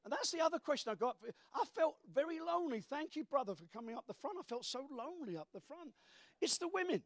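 A man preaching a sermon as pastor, fervent and breaking into shouts. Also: extremely high pitch, big pitch swings, fast, no echo.

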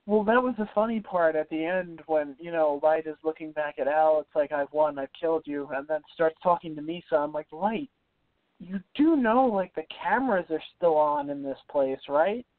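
Wry high-voiced man, tinny line. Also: brisk, few pauses. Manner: wry, laughs often. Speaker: podcast co-host. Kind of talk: casual movie review chat. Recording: dry, phone-like line.

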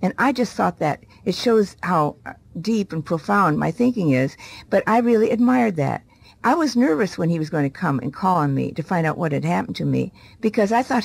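A middle-aged woman with a gravelly, husky voice tells her story to an interviewer. She is animated and acts out the voices of people she quotes. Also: lowish voice, normal speed. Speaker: guest. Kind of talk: testimony in a TV interview.

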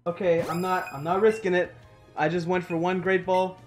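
A man's voice: high-pitched, normal speed, soft background music. Young man swearing over a shiny hunt. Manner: animated, swears freely, talks to the game. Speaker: gaming YouTuber. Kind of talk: casual gameplay commentary.

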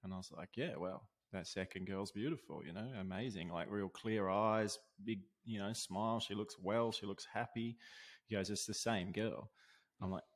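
A man telling stories in a relaxed, casual way as an interview guest. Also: on the low side, normal speed. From Australia. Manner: laid-back, lots of "dude" and "like", laughs while telling. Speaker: guest, osteopath. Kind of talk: casual storytelling.

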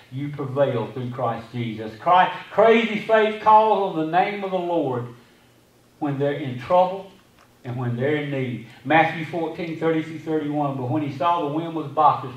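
High-voiced man preaching in a roomy church. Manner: preaching with repeated phrases and swings between loud and hushed; quotes scripture. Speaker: pastor. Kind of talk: sermon. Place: church sanctuary. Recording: echoey sanctuary from a distance.

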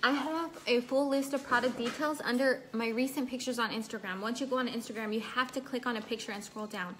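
A woman's voice: a little high, steady tone, fairly quick, fairly bright tone, a little hiss or hum. A young woman chatting casually on a home livestream, telling a personal story and stopping to greet and thank viewers. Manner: chatty, reads viewer comments aloud. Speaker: livestream host. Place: at home indoors.

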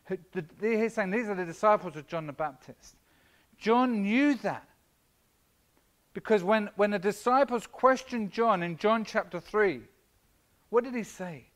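Man, high-pitched, pastor, casual sermon, filler-heavy, self-deprecating asides. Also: measured pace. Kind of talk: conversational sermon. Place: church.

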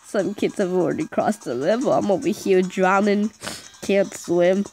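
A woman's voice: mid-range voice, unhurried, a little mellow, soft background music. A female gamer giving casual, chatty commentary on her gameplay, teasing the game and her friend as she plays.

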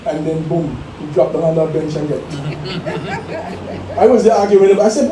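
A man's voice: fairly high pitch, normal speed, pauses often, a crowd in the background. A man preaching an exuberant Pentecostal sermon as pastor, calling out for the congregation to respond. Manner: exuberant, calls for responses, laughs. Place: church sanctuary. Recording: echoey church room from far off, faint noise.

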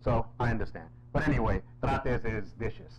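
A man's voice: medium pitch, moderate pace, muffled recording, background noise. A man hosting a casual interview, joking and laughing often. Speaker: host.

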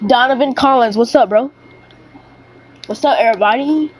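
A woman streaming a shooter game live, chatting casually and excitably with her viewers in slangy banter. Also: fairly high pitch, normal speed, a crowd in the background, poor audio. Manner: excitable, slangy, talks to chat. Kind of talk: casual livestream chat while gaming.

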